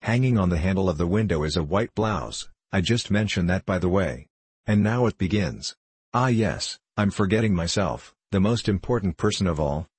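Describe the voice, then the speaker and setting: A man's voice: sits low, husky, no room sound. A man voicing an earnest, anxious young male clerk in an audiobook, insistent and eager to explain.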